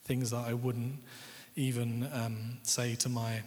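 A young man shares his personal story as a guest speaker, talking candidly and conversationally. His voice sits at an ordinary pitch for a man. A long reverb from the hall trails after his words. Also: level tone, takes it slowly, a little mellow. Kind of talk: personal testimony in a sermon.

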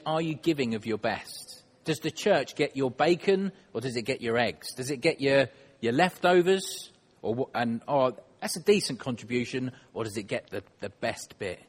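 A man delivering a sermon in church at an everyday middle pitch. He keeps it conversational and self-deprecating, often turning to put questions to the people listening. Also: breathy edge, in a large hall. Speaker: preacher.

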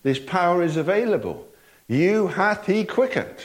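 Chuckling older preacher. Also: male voice, high voice, big pitch swings, normal speed. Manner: folksy, chuckling, repeated tag questions. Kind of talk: sermon.

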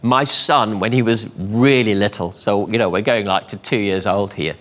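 A middle-aged man preaching a sermon, lively and storytelling, acting out the voices of the people in his anecdotes. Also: lowish voice, moderate pace. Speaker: pastor.

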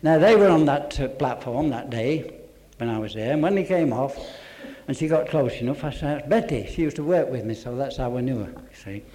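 A man's voice: mid-range voice, expressive, fairly quick. Earnest man giving testimony. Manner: earnest storyteller who drops to a hush for quoted voices. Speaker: church testimony speaker. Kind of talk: spoken testimony to a congregation.

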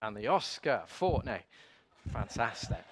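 A man's voice: medium pitch, measured pace. A man preaching a playful sermon, getting the congregation to join in and joking at his own slips. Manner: lively, playful, self-deprecating. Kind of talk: sermon with audience participation. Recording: long hall reverb.

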